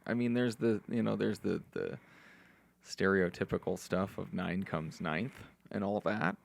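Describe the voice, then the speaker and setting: A man guesting on a podcast, giving reflective advice in a relaxed, meandering way with frequent restarts. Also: deep voice, unhurried, gravelly. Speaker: podcast guest, recovery mentor.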